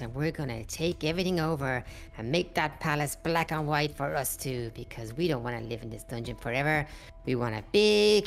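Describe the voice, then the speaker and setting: A woman voicing a sly, scheming male ink demon in a Minecraft role-play, coaxing and sinister. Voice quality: gravelly low voice.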